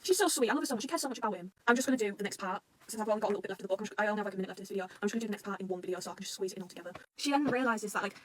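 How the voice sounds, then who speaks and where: A woman recapping a manga arc as a fan reaction, excitable and swearing a lot, breaking into gushing shouts. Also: mid-range voice, very fast, hardly any pauses. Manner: excitable, swears often, gushes and shouts in bursts. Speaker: manga reaction channel host.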